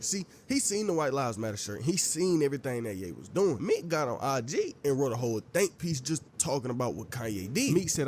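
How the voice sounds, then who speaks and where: A man's voice: medium pitch, a little mellow. Casual man narrating over faint music. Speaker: commentary narrator. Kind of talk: scripted commentary voice-over.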